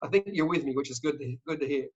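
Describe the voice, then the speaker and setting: An Australian man talking fast and joking as a travel company sales director in an interview. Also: a little high, a little mellow. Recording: dull lo-fi audio.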